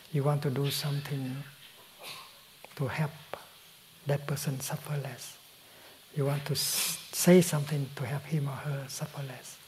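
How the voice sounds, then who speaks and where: A man in his eighties from Vietnam, a Buddhist teacher with a Vietnamese accent, giving a gentle, unhurried dharma talk in a soft, breathy voice that often drops to a whisper. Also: mid-range voice, slight background noise, poor audio. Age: 80s. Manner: gentle, soft-spoken, unhurried with frequent pauses. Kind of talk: dharma talk answering a question.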